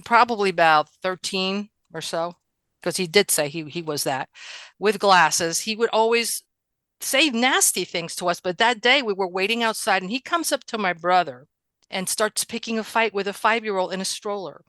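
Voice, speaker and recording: A woman from New York, a guest in a casual conversation, telling animated stories from her childhood, acting out quotes and laughing often. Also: mid-range voice, normal speed, dry recording.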